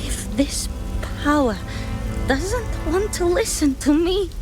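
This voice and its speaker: A woman's voice: very high voice, lively intonation, slow pace, full character voice. An actress playing a bold young woman fighter who speaks with firm defiance, in game audio with music and rain behind. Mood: defiant.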